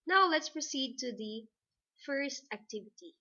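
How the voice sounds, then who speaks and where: A woman teacher with a Filipino English accent gives a recorded lesson. She talks slowly and deliberately, spelling things out one at a time. Her voice sits a little high. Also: lively intonation, sharp tone. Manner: slow, deliberate dictation.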